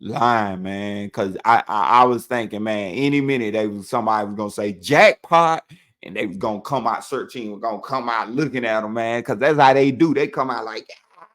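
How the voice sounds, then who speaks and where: A man telling his own prison story in a casual, animated way, dropping "man" after nearly every phrase. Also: fairly low pitch, a little fast, hardly any pauses.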